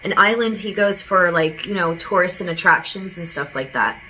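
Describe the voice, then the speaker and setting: A woman's voice: on the low side, moderate pace, bright, forceful tone, faint music behind, low-quality recording. A woman as a psychic medium giving a channeled spirit reading, relaying what she hears in a casual, rambling way with lots of "he goes".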